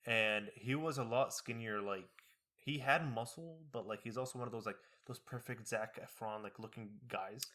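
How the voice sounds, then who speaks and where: Young male podcast co-host with a bright voice; animated storyteller who acts out quotes. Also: medium pitch, normal speed. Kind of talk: casual chat.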